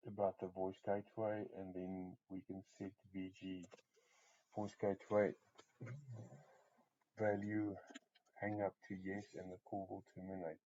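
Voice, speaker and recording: Deep flat-voiced man explaining software. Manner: unhurried, many ums and uhs. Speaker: software tutorial presenter. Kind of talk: screen-share walkthrough. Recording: muffled lo-fi audio, faint hiss.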